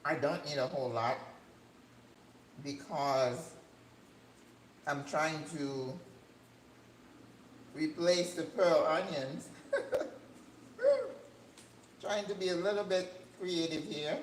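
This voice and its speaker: An older woman hosting a cooking channel, chatting casually as she cooks in her home kitchen, rambling and breaking into excited high notes. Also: slow pace, pauses often. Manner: chatty, rambling, with sudden excited jumps in pitch. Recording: echoey room with faint background hum.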